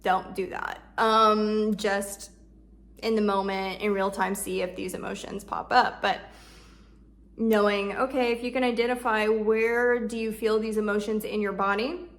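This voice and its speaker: A woman talking through emotional self-care in a relaxed, chatty way, full of fillers and restarts. When she voices the kind words she says to herself, she slows and softens into a hush. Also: medium pitch. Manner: conversational, filler-heavy, drops soft and slow when voicing comforting self-talk. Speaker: shadow work coach. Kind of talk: casual self-help talk.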